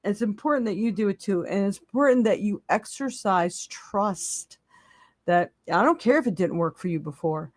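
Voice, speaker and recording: A chatty woman runs a live psychic tarot stream, laughing easily and urging listeners bluntly. Her voice sits at a middle pitch. The sound is dry and close. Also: expressive, moderate pace, no echo. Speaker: psychic tarot reader, podcast host. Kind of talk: casual live stream talk.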